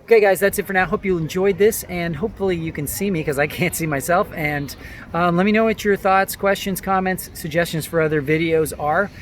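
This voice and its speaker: High-voiced, animated male acting coach. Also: brisk, slight background noise. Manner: animated, loose, many fillers. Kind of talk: casual talking-to-camera tips.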